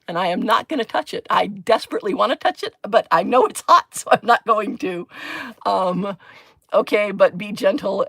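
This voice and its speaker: A woman's voice: medium pitch, gravelly, fairly bright tone, slightly rough, no room sound. A woman chatting casually on a live stream while she crafts, thinking aloud, giggling and answering comments from her chat.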